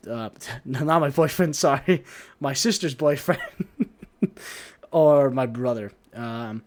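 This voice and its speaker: A man streaming, chatting casually, rambling and swearing heavily with quick asides. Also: medium pitch, a little mellow. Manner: profane, rambling, heavy swearing.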